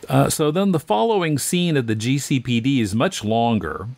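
Lively-voiced male podcast co-host, dry sound. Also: medium pitch, normal speed, creaky, no room sound. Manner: conversational, explains details with lively inflection. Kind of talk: casual chat.

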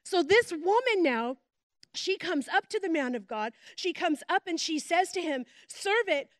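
A middle-aged woman, a pastor's wife, preaching a sermon with animated storytelling and chatty asides. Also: very high voice, moderate pace, no room sound, studio quality.

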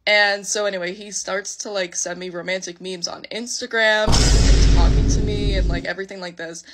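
A woman's voice: mid-range voice, fairly even intonation, moderate pace, noisy background. A young woman casually telling a long dating story, full of fillers and quoted lines. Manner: chatty, full of "like" and acted quotes. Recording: loud music behind voice.

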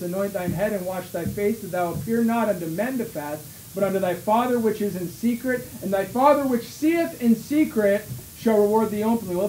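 A man's voice: sits high, darkish tone. A man with a Canadian accent preaching a sermon as pastor, reading scripture aloud and sometimes mocking the voices of hypocrites. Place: small church hall. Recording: echoey room, faint hiss.

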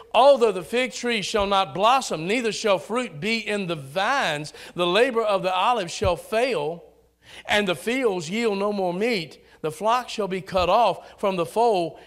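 A man with a high voice preaches at a measured pace in a church sanctuary. A pastor with a Southern American accent, he rouses the congregation, calling out to them and shouting on key lines.

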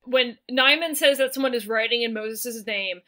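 A woman's voice: a little high, normal speed, sharp tone. A woman co-hosting an academic podcast, explaining scholarly concepts step by step in a lecturing way. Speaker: podcast co-host.

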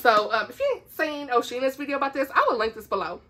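Chatty Southern woman, bright voice. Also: high voice, fast talker. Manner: chatty, laughs often, says y'all. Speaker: book vlogger. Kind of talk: casual book haul vlog.

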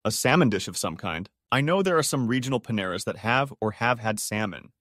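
A man reading online stories aloud as scripted narration, in a lively, animated way. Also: medium pitch, fairly quick, no room sound, studio quality. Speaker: story narrator.

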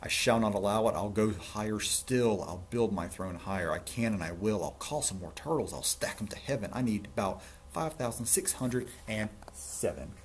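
Brief: grandiose bragging turtle king, read by a man, low voice, commanding. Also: lively intonation, moderate pace, hardly any pauses, a little hiss or hum. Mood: triumphant. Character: boastful bossy male turtle king.

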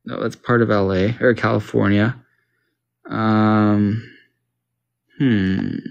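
Man from Canada, unhurried, puzzled self-talk over a game; mouse clicks behind. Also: on the low side, steady tone, gravelly, highs cut off. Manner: confused, self-talking, joking. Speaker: gamer. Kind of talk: casual gaming commentary.

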